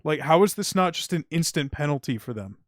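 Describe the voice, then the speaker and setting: A man's voice: on the high side, animated, fairly quick, no echo, studio quality. A young man streaming, venting heatedly about his delivery job with frequent swearing. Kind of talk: casual stream rant. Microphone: streaming mic.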